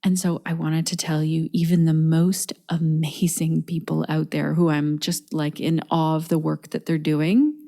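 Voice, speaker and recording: A woman's voice: deep voice, little pitch movement, measured pace, vocal fry, few pauses, warm tone. A woman hosting a yoga podcast, talking in an earnest, upbeat, casual way. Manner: earnest, upbeat, laughs between thoughts. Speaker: podcast host and yoga teacher. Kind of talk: casual solo podcast talk.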